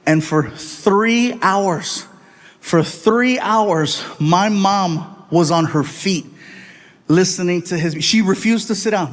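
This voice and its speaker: A middle-aged male stand-up comedian telling stories on a live stage into a handheld mic, animated, doing voices and crowd work. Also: sits high, slow. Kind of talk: stand-up storytelling.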